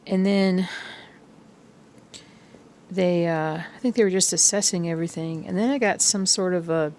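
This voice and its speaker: A woman's voice: lowish voice, normal speed, slight background noise. Chatty woman rambling while stitching. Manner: rambling, hums and sings along softly to music. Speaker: cross-stitch vlogger. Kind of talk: casual chat while stitching.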